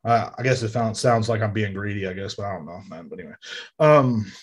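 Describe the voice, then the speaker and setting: A man's voice: lowish voice, fairly quick, a little hiss or hum. A man hosting his own podcast from home, ranting casually with lots of swearing and filler words. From United States. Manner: profane, rambling, frequent fillers. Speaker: podcast host. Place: home room near a street. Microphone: desk microphone.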